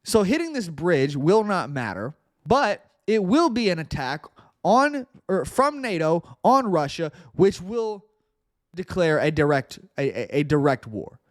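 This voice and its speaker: A man's voice: high-pitched, very animated, a little slow, no echo, studio quality. A male podcast host giving earnest political commentary, often repeating words as he presses a point.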